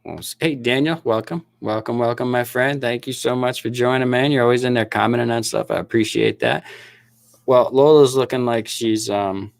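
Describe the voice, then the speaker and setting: A man's voice: medium pitch, normal speed, vocal fry. A middle-aged man from Michigan's Upper Peninsula chatting casually with viewers on his livestream, laughing often and restarting his sentences. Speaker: livestream host and snake breeder.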